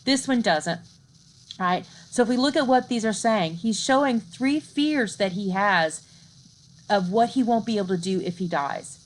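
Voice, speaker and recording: A middle-aged woman giving a recorded university literature lecture, explaining in a conversational way, often asking "right?" and reading poetry aloud slowly. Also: mid-range voice, lively intonation, a little hiss or hum.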